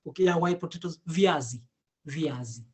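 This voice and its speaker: A man's voice: a little high, crowd noise. Patient man teaching Swahili. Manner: patient, repeats words slowly, laughs often. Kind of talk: casual online language lesson.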